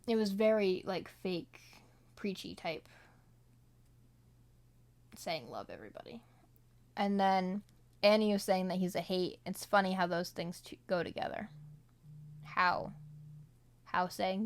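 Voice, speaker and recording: Chatty woman reading her notes aloud. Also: mid-range voice. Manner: rambling, chatty, many fillers and asides; slips into playful accents when quoting. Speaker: solo vlogger reviewing a film. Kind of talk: casual commentary read from notes.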